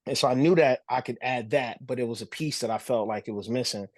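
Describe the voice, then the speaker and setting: Animated storytelling man, dry sound. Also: mid-range voice, quick pace, no room sound. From New Jersey. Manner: animated storyteller, acts out voices, frequent restarts. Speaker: podcast guest, former pro basketball showman. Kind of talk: casual interview talk.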